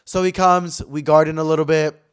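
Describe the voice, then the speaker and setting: A man's voice: on the high side, little pitch movement, moderate pace, smooth. A man hosting a podcast, telling a rambling, gossipy story in casual chat and filling it with "like". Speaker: podcast host.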